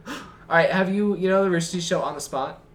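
Young man, dry and teasing, slightly high voice. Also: a little fast, a little hiss or hum. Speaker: podcast co-host. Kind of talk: casual chat.

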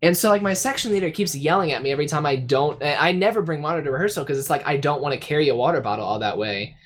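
A man's voice: a little high, lively intonation, very fast. A young man co-hosting a casual podcast, telling a long story with lots of restarts and fillers. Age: young adult. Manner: rambling storytelling with many restarts. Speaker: podcast co-host. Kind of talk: casual chat.

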